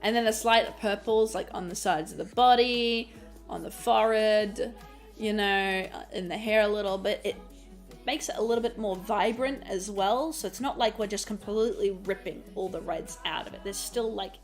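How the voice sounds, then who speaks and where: A chatty woman talks through her painting in a loose, giggly livestream way, often repeating herself. She is under the weather and coughs now and then, at a middling pitch, with soft music faint behind her. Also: moderate pace. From Australia. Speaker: streamer and artist. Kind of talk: casual livestream chat explaining digital painting.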